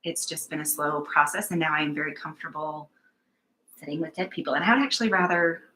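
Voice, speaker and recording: A woman shares her stories as a psychic medium in a casual, chatty way. Her voice is bright and forward, sitting slightly low in pitch. She is candid and pokes fun at herself as she talks. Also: fast talker, a little hiss or hum, low-quality recording. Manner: candid, chatty, self-mocking. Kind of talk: casual conversational storytelling.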